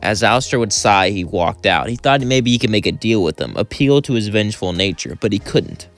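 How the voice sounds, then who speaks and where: Male fan-story narrator, lowish voice, rambling casual read. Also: animated, a little fast, soft background music. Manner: rambling, loosely improvised.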